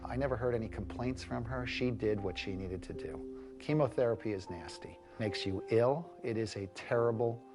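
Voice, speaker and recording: A man's voice: lowish voice, normal speed. A man telling the story of his wife's cancer in an earnest, emphatic interview testimonial. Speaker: husband of a cancer patient. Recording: music bed under the voice.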